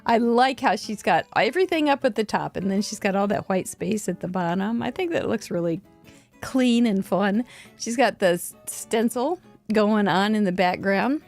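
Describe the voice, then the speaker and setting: A woman hosting a crafting show, chatting warmly about mail and cards with frequent little laughs. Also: mid-range voice, animated, normal speed, soft background music. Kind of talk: casual chat over a card slideshow. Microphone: desk microphone.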